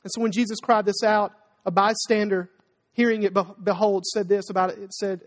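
A preacher in full sermon mode, leaning hard on key words and tossing rhetorical questions to the congregation. The voice sits at a middling pitch. A long reverb hangs behind every phrase. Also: fairly even intonation, brisk. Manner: emphatic, rhetorical call-and-response questions.

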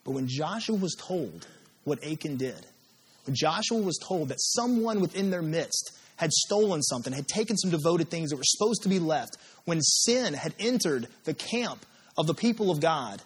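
A man delivers a sermon with a husky, breathy voice pitched a touch high. His delivery is animated and wide-ranging, swinging up and down as he dramatizes prayers and scripture. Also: moderate pace. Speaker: pastor.

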